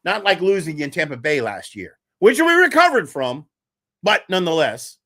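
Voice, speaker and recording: A man hosting a casual live-streamed sports talk show, animated and scattered, laughing while he juggles links and texts. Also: fairly high pitch, normal speed. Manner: animated, laughing, talks to chat and co-hosts. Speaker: podcast host.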